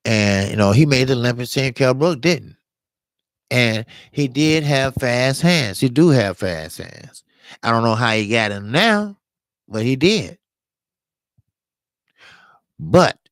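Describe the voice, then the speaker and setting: A man's voice: medium pitch, dry recording. A man hosting a casual boxing talk show, talking loosely to his live chat, rambling and jumping between topics, and breaking down fight tactics like a coach.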